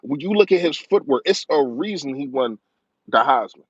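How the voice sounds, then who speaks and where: A fairly high, animated male voice with a breathy edge belongs to the host of a live-stream football talk show. Speaking rapidly and passionately, he rambles and rants about his team, repeating himself emphatically. Sound is dry and lo-fi.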